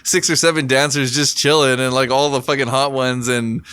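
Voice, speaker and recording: Smooth-voiced laid-back podcast co-host man. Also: mid-range voice, fairly even intonation, brisk, fairly bright tone, dry recording. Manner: laid-back, laughs often while talking. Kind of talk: casual chat.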